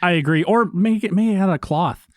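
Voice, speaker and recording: A man co-hosting a podcast, giving his opinions in a measured, even way. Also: high-pitched, dry recording, studio quality. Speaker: podcast co-host. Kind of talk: casual chat.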